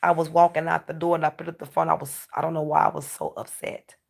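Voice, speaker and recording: A woman's voice: deep voice, level tone, fast. A woman in a casual vlog monologue, ranting and preaching with plenty of profanity. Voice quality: gravelly. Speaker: vlogger.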